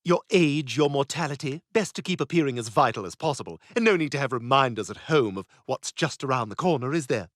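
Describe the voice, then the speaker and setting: Man playing a catty cartoon toddler, pompous and sarcastic, lively high voice, dry sound. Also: brisk, few pauses, no room sound, close to an everyday voice. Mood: smug. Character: snobbish toddler boy with airs.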